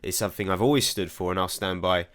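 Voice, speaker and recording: A young Englishman whose accent carries a slight American and European mix, reading viewer comments aloud and answering them in a halting way, often repeating words as he starts a sentence. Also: sits low, a bit bright. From England. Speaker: commentary channel host.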